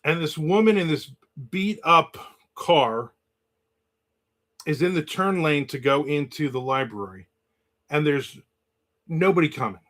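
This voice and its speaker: A man's voice: a little high, expressive, unhurried, pauses often, fairly bright tone. A man hosting a casual live stream, telling a story and reading out viewer comments. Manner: storytelling, reads out chat comments. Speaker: host. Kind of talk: casual livestream chat. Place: in the American South.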